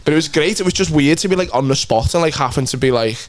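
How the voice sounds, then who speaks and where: A man's voice: on the high side, fast, no echo. A young Scouse man from Liverpool, co-hosting a podcast and telling a rambling, sweary story about a stand-up gig, laughing as he goes. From Liverpool, England. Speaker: podcast co-host and stand-up comic. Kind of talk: casual chat.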